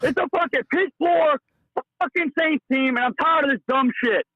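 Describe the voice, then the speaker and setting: A man's voice: very high-pitched, moderate pace, no echo. A man calling a sports talk show, ranting furiously and cursing at every turn, heard over a phone line. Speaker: caller. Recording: tinny phone line, dry.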